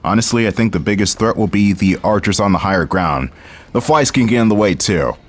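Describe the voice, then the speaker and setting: Laid-back low-voiced man narrating gameplay. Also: expressive, fairly quick. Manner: laid-back, wry, talks to the viewer while playing. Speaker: gaming channel host. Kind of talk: casual let's-play commentary.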